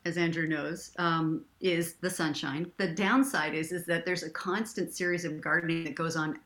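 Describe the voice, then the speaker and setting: Bright-voiced frank woman guest. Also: deep voice, steady tone, moderate pace. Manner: frank, salty, chatty. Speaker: guest, producer and director. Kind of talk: casual interview chat. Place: home office.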